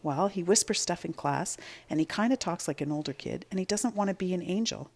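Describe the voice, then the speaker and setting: A woman's voice: fairly low pitch, a little fast, a little mellow, pitched above the performer's own voice. A woman reading aloud and voicing an anxious, exasperated third-grade boy. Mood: worried. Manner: worried, insistent, exasperated.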